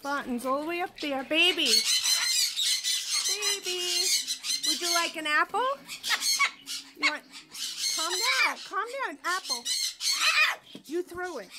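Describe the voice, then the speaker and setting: A woman coaxes her pet birds in a very high, bouncy voice that leaps up and down. She talks slowly, in a sing-song way. Loud parrot squawks fill the room behind her. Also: lively intonation. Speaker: pet owner vlogger. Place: bird room at home. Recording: loud bird noise in room.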